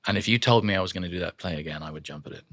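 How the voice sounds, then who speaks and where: A man, a voice actor, telling lively stories from his career in a casual studio chat, acting out voices as he goes. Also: deep voice, very fast, slightly rough, dry recording. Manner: animated, acts out voices and shouts in his stories. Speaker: voice actor guest. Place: podcast studio.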